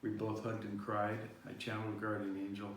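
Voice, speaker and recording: A man's voice: fairly low pitch, monotone, fairly quick. A man hosting a vlog, telling a long personal story in a meandering way, full of restarts and fillers. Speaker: vlog host. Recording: echoey room, far-off mic, faint noise.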